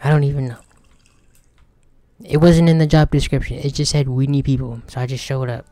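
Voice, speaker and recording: A man's voice: mid-range voice, fairly even intonation, a little fast, warm tone, dry recording. A young man giving casual let's-play commentary, joking and talking back to the game's characters. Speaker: gaming streamer.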